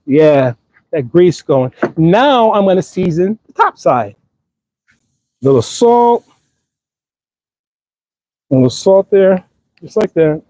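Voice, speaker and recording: A man's voice: a little high, expressive, a little slow, long pauses, mellow, no echo, poor audio. A middle-aged man hosting a live cooking stream, chatting to viewers and coaxing the burgers as he grills outdoors. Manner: upbeat, chatty, talks to the food while cooking. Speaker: cooking channel host. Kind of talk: live grilling demonstration, casual talk to viewers.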